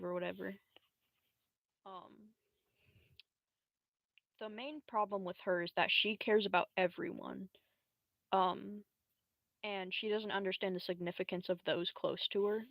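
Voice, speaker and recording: A woman's voice: mid-range voice, fairly even intonation, measured pace, vocal fry, long pauses, fairly bright tone, no echo. A young woman streamer telling a story in a casual, rambling way, full of slang and fillers.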